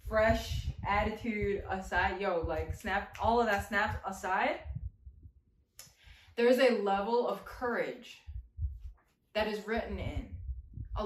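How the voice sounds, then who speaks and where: A woman's voice: mid-range voice, slight background noise. A woman giving a casual, slangy sermon as a youth preacher, joking and talking straight to her listeners. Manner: slangy, animated, jokey, talks to the audience. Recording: echoey room.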